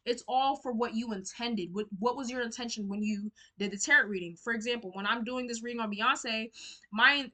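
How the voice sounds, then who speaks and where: A woman's voice: fairly high pitch, bright, forceful tone. A young woman giving a tarot reading to camera in casual, blunt, outspoken talk. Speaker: tarot reader.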